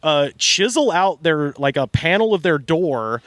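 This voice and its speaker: Man, podcast host, casual comedic chat, rambling with fillers, slightly high voice, dry close sound. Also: animated, measured pace, fairly bright tone, no room sound. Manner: rambling, laughing, many fillers and restarts.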